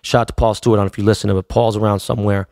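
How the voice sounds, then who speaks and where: A man's voice: on the low side, level tone, rapid-fire, vocal fry, a little mellow, dry recording, clean studio sound. A middle-aged man from Los Angeles, a DJ, telling a story in a loose, profane, slang-heavy way. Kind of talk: casual storytelling.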